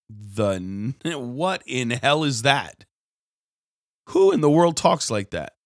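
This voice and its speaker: A man preaching a radio sermon, telling everyday stories and mimicking people in a high, whiny voice. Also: a little slow, no echo, clean studio sound. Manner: animated storytelling, mimics others in a high whiny voice.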